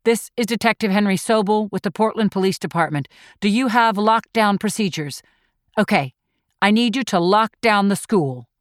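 A woman's voice: mid-range voice, normal speed, dry recording, clean studio sound, natural voice. A woman reader playing an urgent, commanding male police detective giving orders.

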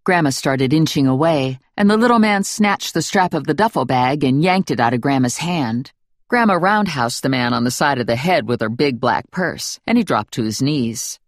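Low, lively woman reading first-person fiction, wry and playful, dry close studio sound. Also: normal speed, dry recording. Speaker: audiobook narrator. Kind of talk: first-person audiobook narration.

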